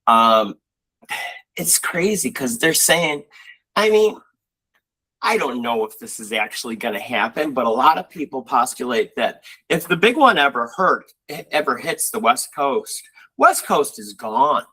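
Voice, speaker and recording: A man's voice: mid-range voice, unhurried, husky, low-quality recording. A man co-hosting a casual chat, telling rambling stories with lots of fillers. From Buffalo, New York. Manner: rambling storyteller, animated, frequent fillers. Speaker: co-host.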